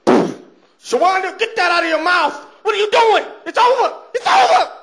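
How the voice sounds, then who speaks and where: A man acting out a furious man who has caught his woman cheating, shouting in a shrill, outraged voice. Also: lively intonation, normal speed, exaggerated voice.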